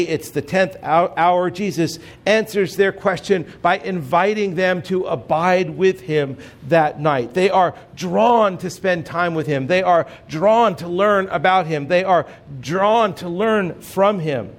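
A man preaching a sermon as pastor, earnest and measured, dropping soft and low on key phrases.

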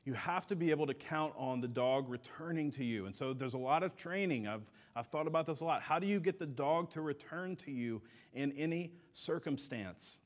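A middle-aged man preaching a sermon as a pastor, earnest, building to emphatic peaks and dropping soft. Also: on the high side, expressive, normal speed, hardly any pauses.

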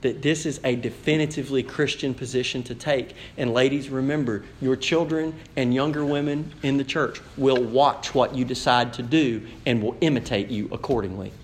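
A man's voice: mid-range voice, fairly even intonation, moderate pace, few pauses, slight background noise. A married man preaching a sermon as pastor, telling a personal story in a conversational way and speaking directly to the congregation. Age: adult, married. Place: church sanctuary. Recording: echoey church room.

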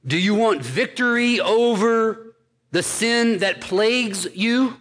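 A pastor preaching a sermon, hammering his points home through steady repetition. His voice sits high for a man, and he talks at a slow, unhurried pace. The sound carries the long reverb of a church hall. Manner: emphatic preaching with repeated phrases.

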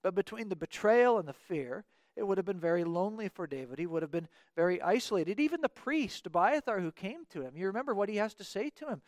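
A man's voice: sits high, big pitch swings, quick pace, dry recording, clean studio sound. A man preaching a sermon in an earnest way, often doubling his words as he restarts a thought.

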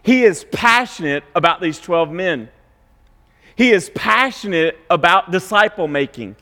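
A man's voice: high-pitched, expressive, measured pace, sharp tone, in a large hall. A man preaching a sermon in a conversational way, asking rhetorical questions and checking in with his listeners. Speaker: pastor.

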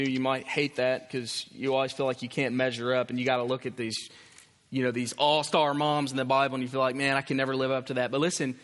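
Bright-voiced male preacher, emphatic. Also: fairly high pitch, big-room sound. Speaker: pastor. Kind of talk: sermon. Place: church.

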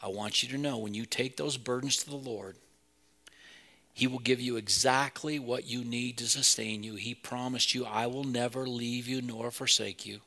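A man's voice: medium pitch, steady tone, normal speed, pushed and bright. A man preaching a sermon as pastor, earnest and building to emphatic peaks.

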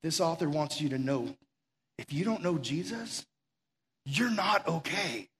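A man's voice: fairly high pitch, expressive, a little slow, fairly bright tone, slight background noise. A man preaching a conversational sermon as pastor, urgent and full of rhetorical questions. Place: room with a gathered audience.

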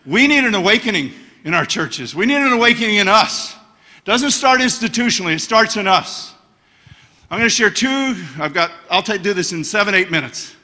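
A middle-aged man preaching a passionate sermon as a guest speaker, telling stories and swinging to loud bursts. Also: sits high, expressive, fairly quick. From United States. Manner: passionate, storytelling, bursts of shouting. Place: church hall. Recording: church hall reverb.

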